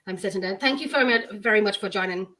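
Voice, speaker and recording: A woman's voice: mid-range voice, very fast, bright, forceful tone. Irish woman, host, friendly repeats, video-call chat. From Ireland. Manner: chatty, repeats phrases.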